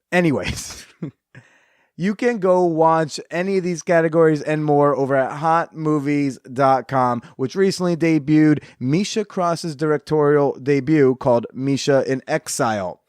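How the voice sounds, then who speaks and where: A podcast host reads sponsor ads and jokes in a rambling, sarcastic way during casual chat. His voice is mid-range and darkish at a moderate pace, recorded with studio quality and no room sound.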